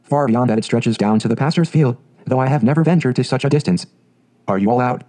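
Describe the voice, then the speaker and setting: A man's voice: mid-range voice, fast talker, dark tone, natural voice. A man doing a fussy proud mother duck. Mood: fretful. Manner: fretful, prim, motherly.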